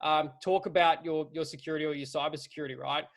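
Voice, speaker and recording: A man's voice: a little high, steady tone, fast. A man hosting a casual webinar chat, talking bluntly and animatedly and swearing casually. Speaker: webinar host.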